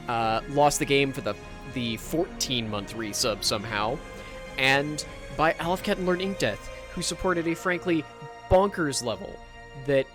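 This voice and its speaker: A man hosting a casual gameplay livestream, chatting in a rambling way and swearing now and then. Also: on the high side.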